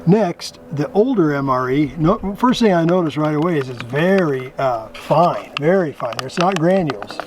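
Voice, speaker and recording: A man's voice: fairly high pitch, animated, moderate pace, few pauses. A man hosting a casual vlog, chatting and chuckling as he shows things and thinks aloud. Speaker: vlog host reviewing military rations. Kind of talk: casual show-and-tell commentary. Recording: noisy home video recording.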